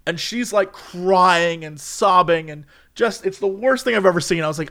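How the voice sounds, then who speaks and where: A man's voice: sits high, normal speed, bright, forceful tone. A man in casual chat, telling a story with lots of animation and acting out quotes.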